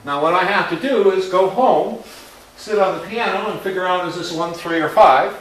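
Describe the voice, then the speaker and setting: A man teaches a music class, singing out rhythms on nonsense syllables between explanations, his voice pitched a little high. He sounds far from the recorder in a very echoey classroom, with faint music in the background. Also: moderate pace, a little hiss or hum. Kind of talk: classroom lesson. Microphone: distant recorder in the room.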